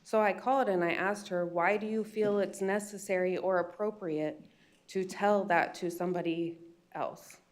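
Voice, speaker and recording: A woman's voice: lowish voice, steady tone, moderate pace. A woman with an American accent, a business owner making an upset, emotional public comment at a county meeting. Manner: upset, pleading, retells phone calls.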